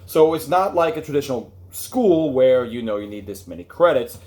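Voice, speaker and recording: A man at a middle pitch delivers casual review commentary, wry and critical. He addresses his viewers directly in an offhand, chatty way. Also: expressive, moderate pace, a little mellow. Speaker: online review host.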